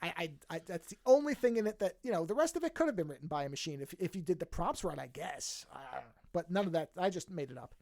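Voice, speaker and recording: A man's voice: high-pitched, expressive, quick pace, vocal fry, darkish tone, no echo, clean studio sound. A man co-hosting a podcast, talking in a rambling, self-amused way with many restarts. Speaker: podcast co-host. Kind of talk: casual chat.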